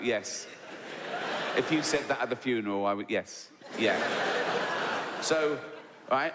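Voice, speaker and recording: Male stand-up, animated storyteller, echoey live hall, crowd noise behind. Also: medium pitch. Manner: animated storytelling, mimics others' voices. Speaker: stand-up comedian. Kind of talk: stand-up routine. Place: large venue with audience.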